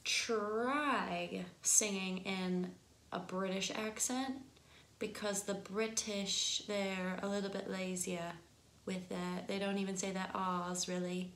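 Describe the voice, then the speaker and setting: Bright-voiced woman voice teacher. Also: mid-range voice, steady tone, echoey room, slight background noise. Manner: chatty, explains with quick sung examples. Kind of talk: casual singing lesson explanation.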